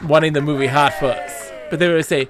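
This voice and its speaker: A man's voice: a little high, fairly even intonation, brisk, crowd noise, noisy background. A man doing live gameplay commentary, playful and rambling, joking and laughing as he talks. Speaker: streamer. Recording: game music underneath. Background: game music.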